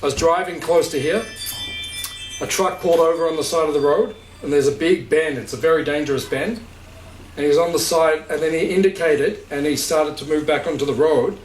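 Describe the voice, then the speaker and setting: Here the spiritual teacher's voice sits on the high side and moves a little fast as he chats informally with a gathering. He laughs readily and checks understanding with questions. The recording has room echo, a far-off mic and light hiss.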